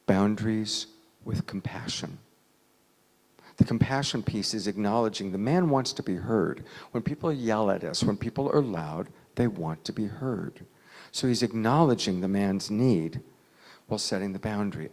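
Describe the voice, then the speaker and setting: A man telling an emotional story to an audience, dramatic, dropping from loud lines to near whispers. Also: fairly low pitch, normal speed.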